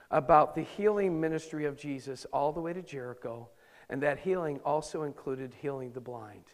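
A man preaching a sermon as pastor, moving between loud emphasis and hushed, intimate asides. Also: fairly high pitch. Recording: long hall reverb.

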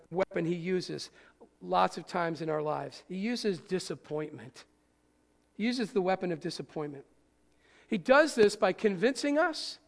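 A male pastor preaching with animated, pointed rhetorical questions to his congregation. His voice is high with a gravelly grain. Long reverb trails behind him in a church hall. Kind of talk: sermon.

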